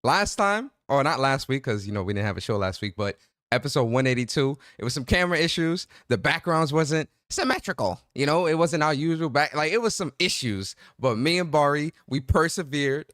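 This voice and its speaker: A man with a New York accent hosting a casual gaming podcast, introducing his co-host with loud, playful hype. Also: on the high side, expressive, fairly quick, dry recording, studio quality.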